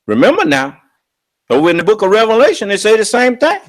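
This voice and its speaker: A man preaching on scripture with emphatic, confrontational delivery, slowing down to draw out quoted verses. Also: sits high, huge pitch swings. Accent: American. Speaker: religious leader and teacher.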